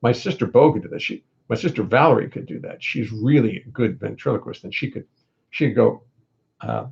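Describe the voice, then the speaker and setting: Older man, gravelly voice, wry rambling banter, dull lo-fi webcam audio. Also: on the low side, animated, brisk, darkish tone. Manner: wry, joking, meandering. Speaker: musician hosting a live stream. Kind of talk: casual rambling chat.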